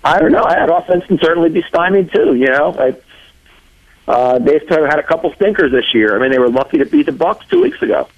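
A man from New Jersey calls in to a sports talk show, friendly and measured as he makes his football points. His voice comes through a dull, muffled phone line and sounds dry, with no room around it. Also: fairly high pitch, lively intonation, dry recording. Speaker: caller. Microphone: telephone.

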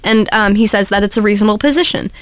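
A woman co-hosting a talk radio show, debating politics in a measured, hedging way and citing articles. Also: mid-range voice, smooth, no echo.

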